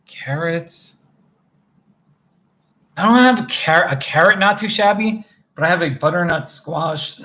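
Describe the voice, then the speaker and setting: A man's voice: a little high, bright, forceful tone. A man live-streaming from a motel room, rambling casually with many restarts as he answers viewers' comments.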